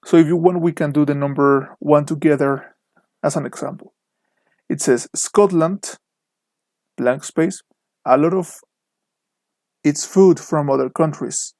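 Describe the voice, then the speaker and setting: A man with a Mexican Spanish accent talks through an online English lesson, slowly and deliberately. His voice sits a bit high, and the recording is close and dry with no room sound. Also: mellow, no room sound. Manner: slow, deliberate, spells out word pairs with careful stress. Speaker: English teacher. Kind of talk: online lesson narration over slides.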